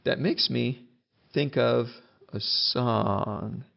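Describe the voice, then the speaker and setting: A man's voice: mid-range voice, extremely slow, gravelly, highs cut off. A male teacher giving a casual, joking lesson, acting out example commands as he goes.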